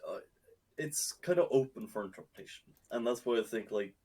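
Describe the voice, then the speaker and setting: A man's voice: medium pitch, lively intonation, fairly quick, a little mellow, slightly rough. A man joining a casual group chat as a guest, hedging and rambling through his points.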